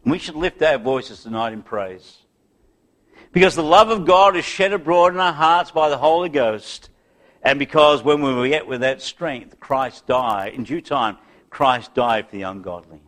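A man preaching an evening sermon, building to loud emphatic peaks and sinking to a hushed, soft close, with old-fashioned biblical phrasing. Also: mid-range voice, expressive, normal speed.

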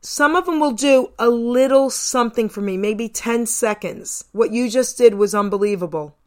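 A woman's voice: a little high, moderate pace. A woman from New Jersey hosting a radio show, interviewing a guest casually, enthusiastic and effusive, firing off several questions in a row.

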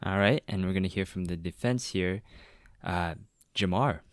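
A deep-voiced man presides over a podcast's joking mock trial. He reads out charges in a dry, mock-formal manner. The recording is close and dead dry. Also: moderate pace, no echo. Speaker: podcast host acting as mock judge. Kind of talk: mock courtroom banter.

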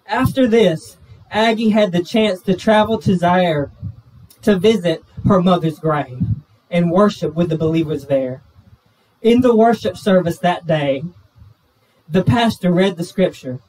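A male pastor with a Southern US accent, telling a story in a sermon, earnest and slowing down, dropping low at the emotional moments. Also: a little mellow. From Georgia, US. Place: church sanctuary. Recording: voice from a distance off the pulpit mic.

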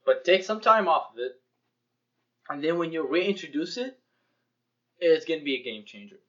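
A young man co-hosting a casual podcast, telling lively stories and acting out dialogue with plenty of swearing. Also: fairly high pitch, moderate pace. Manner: animated storyteller, acts out dialogue, swears freely. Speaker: podcast co-host. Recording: dull lo-fi podcast audio.

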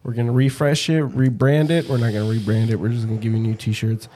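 A man hosting a casual podcast, talking loosely and swearing freely. His pitch sits in the ordinary middle range for a man. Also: little pitch movement, fast, mellow. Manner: loose, profane storytelling. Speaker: podcast host.

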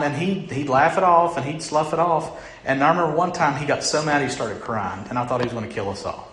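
A middle-aged male pastor preaching a sermon, who keeps asking the congregation questions and moves between loud emphasis and hushed lines. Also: a little high. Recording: echoey room.

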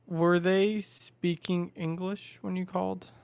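Curious gravelly voice in chat. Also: medium pitch, little pitch movement, slow, darkish tone, no echo. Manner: curious, asks follow-up questions. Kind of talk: casual chat.

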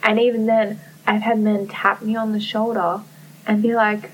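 A woman's voice: medium pitch, flat delivery, moderate pace, recorded from a distance, lo-fi sound, slight background noise. A young woman in casual conversation, speaking candidly, swearing freely and acting out what people said to her. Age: young adult. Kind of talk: casual chat.

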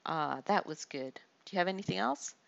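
A woman's voice: lowish voice, expressive, gravelly, dull audio. A woman doing a sneering teenage bully. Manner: mocking, slow deliberate taunting.

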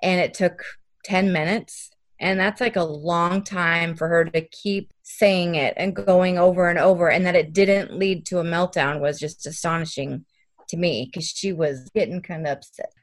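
A woman's voice: lowish voice, fairly even intonation, moderate pace. Earnest young mother telling stories. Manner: earnest, detailed storytelling. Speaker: parent of an autistic child. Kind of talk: interview conversation.

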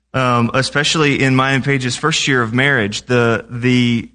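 A man's voice: mid-range voice, fairly even intonation, takes it slowly, sharp tone. A young man preaching a sermon in a conversational way, often asking the congregation questions.

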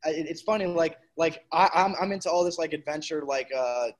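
A man's voice: a little high, a little fast. A man co-hosting a podcast in casual chat, rambling with many restarts. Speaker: podcast co-host.

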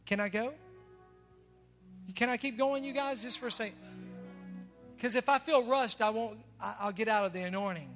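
A man preaching a sermon, swinging between soft asides and loud emphatic declarations. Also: high voice, moderate pace, pauses often. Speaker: pastor. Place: church sanctuary. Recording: long reverb of a large hall, faint music.

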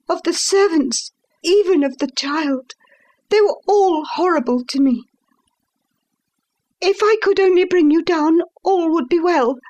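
A woman with a high voice narrates a classic tale in the first person. Her reading is measured and expressive, paced like a storyteller. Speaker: audiobook reader.

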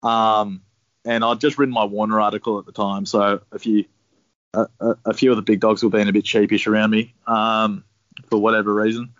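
A man's voice: fairly low pitch, little pitch movement, brisk, fairly bright tone, no room sound. A young man with an Australian accent, casually telling a long anecdote, laid-back and swearing freely. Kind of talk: casual storytelling. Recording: dry, slightly dull sound.

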